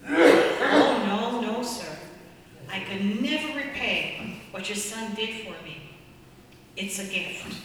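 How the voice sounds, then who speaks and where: A woman voicing a humble, grateful young male soldier in an earnest, gentle way. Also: mid-range voice, expressive, slow, long pauses, very noisy. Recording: echoey hall from far off.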